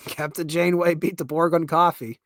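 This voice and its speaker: A man's voice: on the high side, steady tone, normal speed, fairly bright tone, no echo, clean studio sound. A young man with a Pittsburgh accent, hosting a podcast and ranting casually, laughing and restarting as he goes. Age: young adult. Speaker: podcast host. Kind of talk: casual rant.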